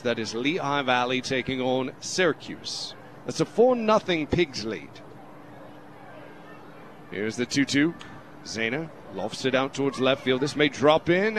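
Announcer in a put-on English accent. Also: male voice, mid-range voice, fairly bright tone, a little hiss or hum. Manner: playful, mock-formal, self-mocking. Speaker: radio play-by-play announcer. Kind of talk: baseball play-by-play commentary. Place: radio broadcast booth.

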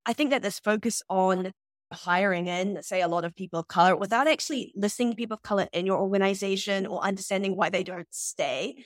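A woman, co-hosting a casual podcast discussion, thoughtful and animated, often adding "like" and "right?". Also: mid-range voice, dry recording, studio quality. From New Zealand. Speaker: podcast co-host.

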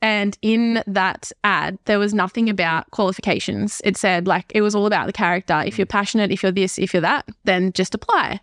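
A young woman, a podcast guest telling a candid, animated personal story. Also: medium pitch, brisk, hardly any pauses, dry recording, clean studio sound. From Australia.

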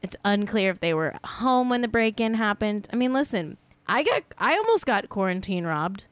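Woman, podcast co-host, celebrity gossip, rambling with fillers, mid pitch. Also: big pitch swings, normal speed, clean tone, no room sound. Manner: chatty, rambling, lots of "like" fillers. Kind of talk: casual celebrity gossip chat.

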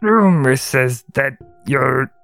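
Guy putting on a crude leering goblin, slow and boastful, pitch wandering all over, straight from a game. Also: lively intonation, creaky, fairly bright tone, no echo, soft background music, heavily acted. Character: crude lecherous male goblin.

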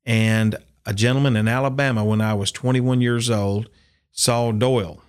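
Animated man telling a story. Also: medium pitch, moderate pace, clear, resonant tone. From Upper Cumberland, Tennessee. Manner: animated storyteller acting out quotes. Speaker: country and bluegrass singer, guest. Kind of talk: storytelling interview.

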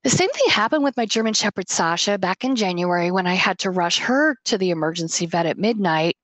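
A woman's voice: mid-range voice, brisk, no echo. A woman hosting a podcast, telling a personal story with feeling and frequent laughter. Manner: emotional, laughs often, animated storytelling. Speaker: podcast host.

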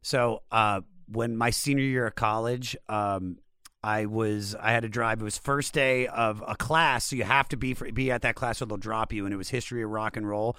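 A man's voice: lowish voice, fairly even intonation, normal speed, sharp tone, clean tone, no room sound, studio quality. Man telling a rambling, profane story. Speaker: podcast host. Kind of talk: casual podcast chat.

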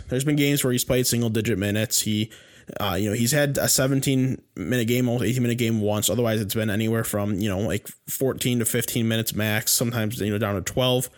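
A man co-hosting a sports podcast in casual chat, rambling and heated, with many restarts and fillers. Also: mid-range voice. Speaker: podcast co-host.

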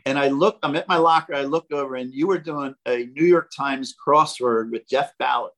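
An older man, a former ballplayer, telling animated stories as a podcast guest and acting out the quotes. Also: medium pitch, normal speed, poor audio. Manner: animated, jokey storyteller who acts out quotes. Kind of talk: casual storytelling.

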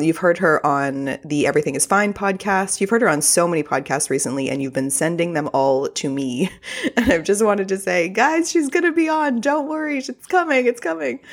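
A woman hosting a podcast, talking in an upbeat, gushing way with the odd filler word. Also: low voice. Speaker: podcast host. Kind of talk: casual podcast monologue.

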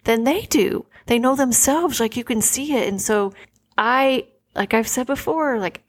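A woman in her forties hosts a podcast, her voice on the high side and unhurried. Casually and conversationally, she tells personal stories with earnest emotion, leaning on "like" throughout.

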